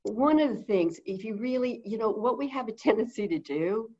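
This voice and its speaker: A woman in a casual webinar talk, telling stories and cooing soft praise as she quotes herself talking to animals. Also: on the high side, animated, moderate pace, breathy edge, muffled recording. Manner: chatty storytelling, coos softly when quoting praise to animals. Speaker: animal behavior consultant.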